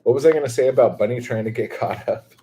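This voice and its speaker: A man with a Californian accent chatting casually on a livestream, drawing his words out slowly, swearing freely and rambling as he reads chat aloud. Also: medium pitch, mellow, slight background noise. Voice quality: slow, drawn-out surfer-dude drawl.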